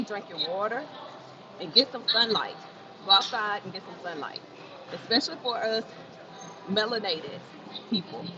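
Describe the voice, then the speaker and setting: A woman chatting casually on a livestream from an indoor gym, talking to viewers and repeating phrases for emphasis. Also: mid-range voice. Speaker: fitness livestreamer. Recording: muffled, noisy gym sound. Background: gym ambience.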